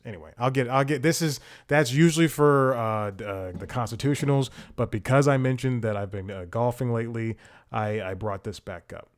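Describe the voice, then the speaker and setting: Young male podcast host, casual comedic rant, rambling and exasperated, mid pitch. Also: a little fast. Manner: rambling, exasperated, full of restarts and laughs.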